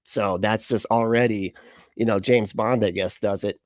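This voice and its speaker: A man in his thirties, low-voiced, gives casual reaction commentary. He rambles, swears freely and restarts his sentences. The sound is dry and close, with no room echo. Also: steady tone, moderate pace. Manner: rambling, profane, frequent restarts and laughs. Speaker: reaction video host.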